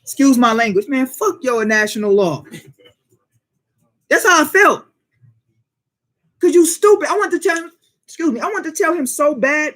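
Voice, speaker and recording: A man's voice: very high-pitched, expressive, moderate pace, pauses often, a bit bright. A man teaching a Bible study in informal preaching style, emphatic and full of rhetorical questions and street slang.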